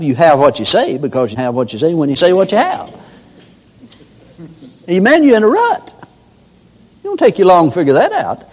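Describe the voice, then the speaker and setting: An older man preaching a sermon in a folksy storytelling manner, acting out everyday characters. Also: fairly high pitch. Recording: long hall reverb.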